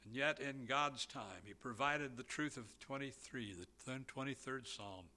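A man preaching a sermon, slow and emphatic, with a volume that swells and drops. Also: mid-range voice, sharp tone.

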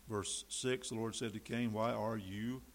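A man preaching a sermon, emphatic, swinging between loud stresses and quiet mimicked asides. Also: on the low side, steady tone, unhurried, rough recording. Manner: emphatic, rising and dropping to mimic quoted voices.

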